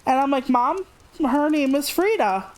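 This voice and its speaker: A young adult woman streamer casually telling a personal story, chatty and animated, raising her voice to act out what others said. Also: unhurried. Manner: chatty, animated, acts out quotes with raised pitch.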